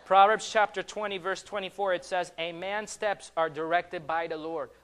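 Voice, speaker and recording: High-voiced young man preaching fervently. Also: fairly even intonation, normal speed, a little hiss or hum. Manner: fervent preaching, rises loud on calls and drops soft. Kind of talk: sermon.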